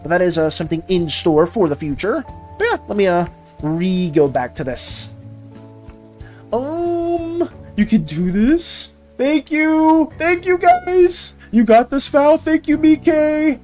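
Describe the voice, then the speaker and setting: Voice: sits high, lively intonation, slow pace, a little mellow, soft background music. An art streamer chatting casually and rambling while working and reading chat on a live stream.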